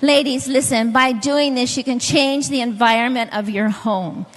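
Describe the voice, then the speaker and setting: A middle-aged woman delivers a sermon with a slightly high voice, carried by the long reverb of a large hall. She tells personal stories and turns to the congregation with questions and instructions. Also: steady tone, moderate pace. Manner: storytelling, directly addressing the audience. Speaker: preacher.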